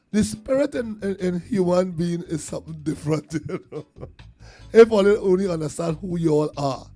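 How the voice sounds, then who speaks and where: Animated Trinidadian man with gravelly voice. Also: high-pitched. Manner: animated storyteller, acts out quotes, laughs between lines. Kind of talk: storytelling in casual talk.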